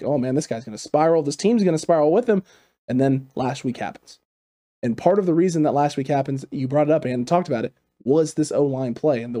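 A man hosting a casual football analysis show, talking in an animated way with repeated emphatic phrases. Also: a little high. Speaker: sports show host.

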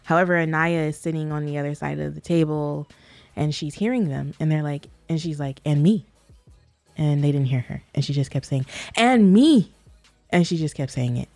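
Low-voiced woman telling a family story. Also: steady tone, fairly quick, gravelly, dry recording, faint music behind. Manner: warm, earnest storyteller, laughs easily. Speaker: podcast co-host. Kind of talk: casual storytelling.

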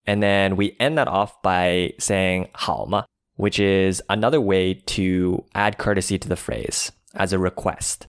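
A man's voice: deep voice, level tone, a little slow, clear, resonant tone, no room sound, clean studio sound. A man teaching a language lesson, explaining phrases word by word and spelling out their tones. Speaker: language teacher playing a diner.

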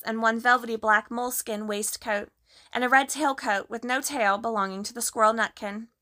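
A woman narrating a children's storybook in a gentle, measured way. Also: on the high side. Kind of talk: storybook reading.

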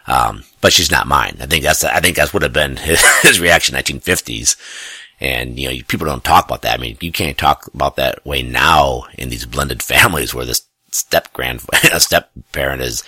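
A man's voice: very deep voice, bright, forceful tone, slightly rough, dry recording, studio quality. A middle-aged man, telling a family story in a rambling, self-correcting way, often chuckling. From US Midwest. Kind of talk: casual personal storytelling.

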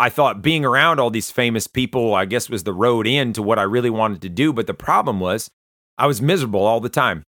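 A man earnestly telling his personal conversion story, halting often with fillers and restarts. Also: on the low side, fairly bright tone, dry recording, studio quality. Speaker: testimony speaker.

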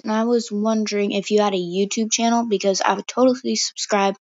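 A woman's voice: mid-range voice, steady tone, brisk, highs cut off. A woman leaving an eager, chatty voice message for a podcast host. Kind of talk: recorded voice message.

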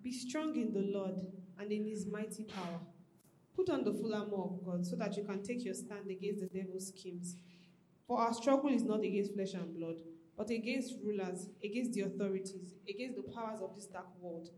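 A woman's voice: medium pitch, moderate pace, warm tone. Woman reading scripture in a roomy space. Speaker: scripture reader in a church service.

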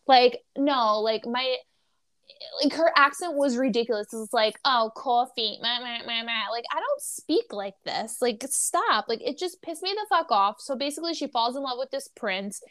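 A woman from New York chatting as a podcast co-host, her voice sitting a little high. She swears freely and gets heated fast. The sound is dry and close. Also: expressive, fairly bright tone, no echo. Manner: swears freely, quick to get riled up. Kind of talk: casual chat.

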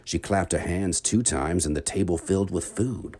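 A man narrating a children's bedtime adventure story in an expressive, dramatic read-aloud manner. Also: low-pitched, normal speed.

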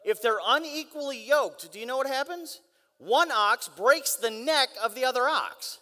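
A young man giving an energetic guest sermon in a church, driving his points with rhetorical questions and mock voices. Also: very high-pitched, moderate pace. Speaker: guest preacher. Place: large church hall. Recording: long church hall reverb.

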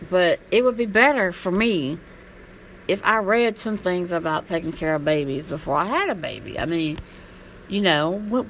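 Gravelly woman ranting in a blunt vlog. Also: on the low side, lively intonation, normal speed, slight background noise, poor audio. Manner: blunt, rambling and impassioned, swears freely. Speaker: vlogger. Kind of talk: casual monologue.

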